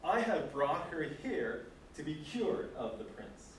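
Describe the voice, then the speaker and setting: A man's voice: on the high side, big pitch swings, slow, a little hiss or hum. A man voicing a chatty young modern city woman. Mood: teasing. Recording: echoey room, distant mic.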